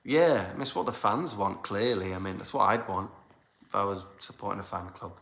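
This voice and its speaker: A man's voice: fairly low pitch, brisk, vocal fry, a bit bright. A man from the UK, hosting a casual livestream for his band's fans, rambling chattily with lots of fillers and laughs. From United Kingdom. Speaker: band leader hosting a fan livestream. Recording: roomy echoey room sound.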